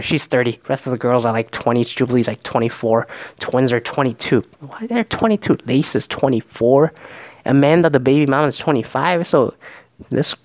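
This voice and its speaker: A man with a gravelly, creaky voice talks through a reality-show episode in a loose, profane ramble. He keeps breaking into imitations of the people he quotes. The sound is dry and close. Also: mid-range voice, dry recording. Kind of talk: casual reality-show recap.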